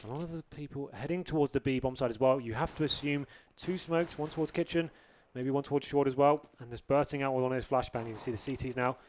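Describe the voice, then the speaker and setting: A man's voice: mid-range voice, fast, few pauses, a little mellow, slight background noise. A male esports host with a mid-range voice who casts a match live. He jokes around and builds hype with announcer lines. Faint game gunfire sounds behind him. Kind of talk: live esports commentary and desk chat.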